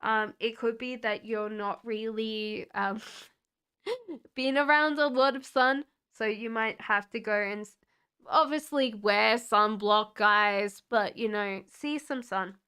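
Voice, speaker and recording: A woman doing live-stream tarot readings, talking to chat viewers in a relaxed, chatty and reassuring way. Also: a little high, slow pace, smooth. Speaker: tarot reader.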